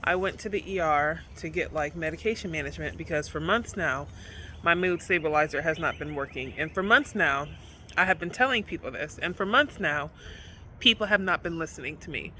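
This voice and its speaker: A woman's voice: deep voice, fairly quick, sharp tone, slight background noise. A woman filming herself in a car for her vlog, talking straight to the phone camera. She vents candidly, repeats her points for emphasis and swears freely. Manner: emphatic, repetitive, profane venting. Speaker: vlogger.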